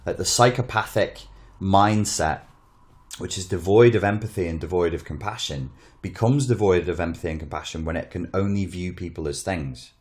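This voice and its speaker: A podcast co-host chats casually in a low-pitched, darkish voice at a moderate pace. He's rambling and blunt, swears, and keeps interrupting himself to restart his sentences.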